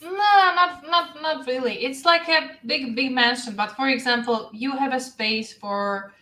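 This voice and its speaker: A woman author as a guest in a casual panel chat, talking in halting restarts while she searches for words. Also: high-pitched, sharp tone, poor audio.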